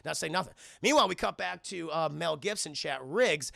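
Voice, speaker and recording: Gravelly high-voiced man recapping a film. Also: animated, fairly quick, sharp tone, no room sound, clean studio sound. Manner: profane, keeps addressing the chat, acts out movie lines. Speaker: film reviewer and streamer. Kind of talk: casual scene-by-scene film recap.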